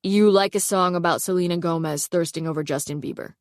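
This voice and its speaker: Lady reading as a smug teen boy next door, dry mocking banter, lowish voice, storybook. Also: brisk, dry recording, natural voice. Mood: teasing.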